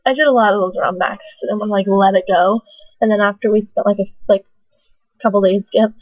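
A woman's voice: medium pitch, steady tone, fairly quick, dry recording. A young woman vlogging casually at home into a webcam, rambling with lots of fillers and giggly asides. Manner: chatty, filler-heavy, giggly and self-mocking. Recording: dry, tinny phone-like sound.

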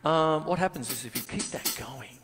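A man's voice: on the high side, moderate pace, in a large hall, background noise. A man, giving a casual, jokey drum lesson on stage in a venue. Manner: chatty and jokey, laughs often. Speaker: drum teacher. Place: music venue theatre stage. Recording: live drum kit loud behind voice.

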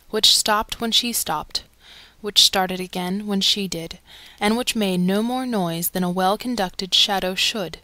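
A woman narrating an audiobook in a steady, clear reading. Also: medium pitch, no echo. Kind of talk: scripted narration.

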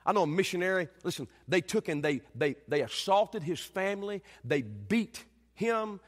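A man preaches a sermon in a church, with a voice pitched high for a man. He swings from loud, dramatic storytelling down to hushed and earnest, and the long hall reverb hangs after each phrase. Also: very animated, normal speed. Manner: dramatic storytelling preacher, shouting acted quotes then dropping low and quiet. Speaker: pastor.

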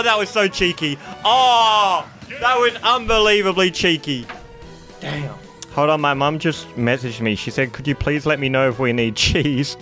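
A young man giving excitable live gameplay commentary, laughing often and shouting at big moments. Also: high voice. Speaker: gaming YouTuber.

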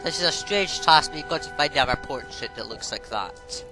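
Over the game's music, this let's play host speaks briskly in a slightly high voice with lively intonation, and the recording is rough. He rambles through offhand commentary and swears readily.

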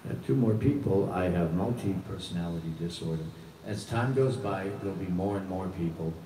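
A man's voice: sits low, fairly quick, warm tone. A middle-aged man with a Boston accent, hosting a casual live music stream in a rambling, joking way. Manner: rambling, joking, loose and chatty. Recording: echoey room, distant mic, faint noise.

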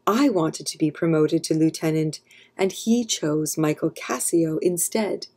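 A woman's voice: low-pitched, a little slow, warm tone, breathy edge, heavily acted. A woman reading aloud, voicing a sly, resentful male soldier who schemes and sometimes whispers. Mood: scheming.

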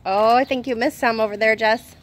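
High-voiced cheerful mom outdoors. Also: female voice, steady tone, brisk, a little hiss or hum. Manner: cheerful, coaxing, keeps warning about her plants. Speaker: parent filming kids' egg hunt. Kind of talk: casual family vlog chat. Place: outdoors in a yard.

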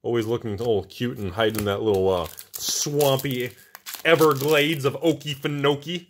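A male host giving casual, excitable, joking commentary while opening card packs. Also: medium pitch, normal speed, a little hiss or hum. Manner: excitable, exclaiming, jokey.

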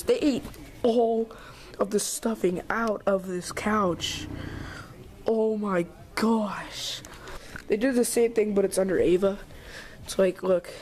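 A woman vlogging at home on a handheld camera, excited and rambling with lots of filler words. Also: mid-range voice, gravelly, a little hiss or hum. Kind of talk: casual vlog. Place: indoors at home.

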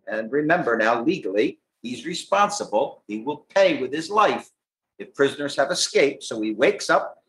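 A man preaching a gospel sermon in a tent meeting, reading scripture aloud with emphatic, lively delivery. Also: medium pitch, moderate pace, rough recording.

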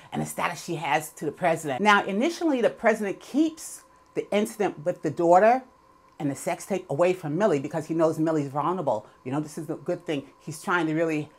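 A woman giving a casual, chatty recap of a TV episode, opinionated and full of fillers. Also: on the low side. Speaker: TV episode reviewer.

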